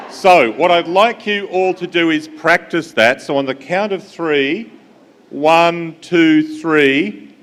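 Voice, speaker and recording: A man's voice: a little high, fairly bright tone. Man speaking in a reverberant hall. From Australia. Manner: friendly, engages the audience, many fillers. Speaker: invited speaker. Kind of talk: conference keynote talk. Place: large conference hall.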